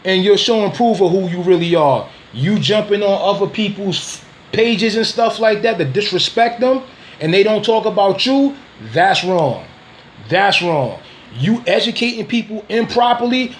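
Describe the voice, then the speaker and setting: A man's voice: high voice, animated, a little slow, a little hiss or hum. A man ranting on a casual video, confrontational, using street slang, repeating himself and laughing scornfully between points. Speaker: dog breeder and vlogger.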